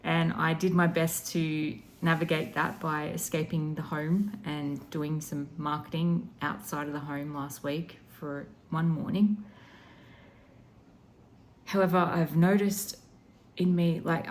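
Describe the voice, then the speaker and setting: A woman intuitive healer speaking in a soft, reflective and emotional way about her spiritual practice. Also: deep voice, a little hiss or hum.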